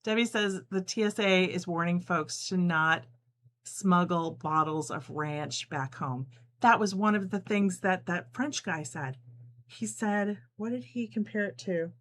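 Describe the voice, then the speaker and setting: A middle-aged woman from New Jersey hosts a relaxed live sew-along. Her voice sits a little low, and she chats easily, laughs often and reads viewers' messages aloud while she works. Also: measured pace. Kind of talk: casual live-stream chat while sewing.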